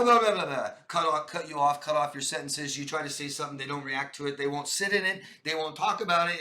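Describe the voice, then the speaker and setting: Guy coaching viewers on dealing with people, punchy and repetitive, bright voice, roomy echo. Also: on the high side. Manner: emphatic and repetitive, addresses viewers as "guys". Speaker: life coach. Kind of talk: direct-to-camera advice monologue.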